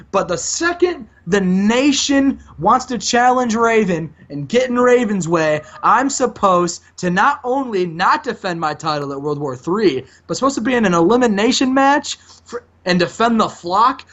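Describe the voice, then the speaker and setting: A man's voice: sits high, very animated, normal speed, a bit bright, full character voice. A man voicing a boastful young male wrestling champion cutting a taunting promo, heard on a lo-fi recording. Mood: defiant.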